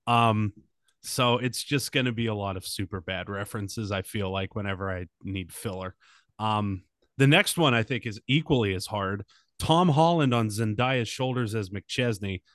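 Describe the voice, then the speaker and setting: A low-voiced man hosting a laid-back comedic podcast. He rambles through his setups with plenty of "uh" and "um," and his voice is close and dry. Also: moderate pace, a bit bright, dry recording. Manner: rambling with many fillers. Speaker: podcast host. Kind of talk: casual comedic podcast chat.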